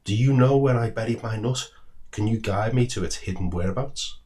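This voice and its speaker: A man voicing an excitable, fretful little squirrel in a storybook reading, exclaiming eagerly and anxiously. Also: sits low, moderate pace.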